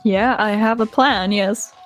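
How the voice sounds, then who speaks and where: A woman guest on a chat show, soft-spoken and giggly, giving short answers. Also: mid-range voice, unhurried, faint music behind. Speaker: guest YouTube creator. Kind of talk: casual chat.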